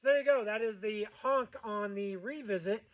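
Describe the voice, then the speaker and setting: Guy with a pretty high voice explaining goose calls, laid back and rambly, kinda dull lo-fi sound. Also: moderate pace, very noisy. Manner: plainspoken, loose, repeats himself with fillers. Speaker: goose call instructor. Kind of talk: casual how-to tutorial.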